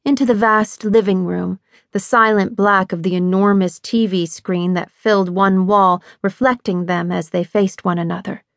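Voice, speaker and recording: A woman narrating a suspense novel with a measured, even delivery. Her voice sits at a middle pitch. It is recorded close in a dry studio with no room sound. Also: dry recording. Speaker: audiobook narrator. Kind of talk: scripted narration.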